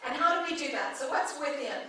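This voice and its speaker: A woman's voice: high-pitched, expressive, brisk, noisy background. A woman giving a conversational, playful sermon as a guest speaker at a spiritual church. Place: church sanctuary. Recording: echoey hall from far off.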